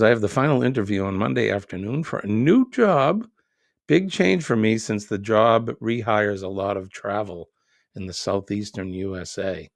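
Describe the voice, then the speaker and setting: Middle-aged male host, low and gravelly, chatty and joking, reads viewer comments, dry close sound. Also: no room sound. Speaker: live stream host reading viewer comments. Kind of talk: casual live chat.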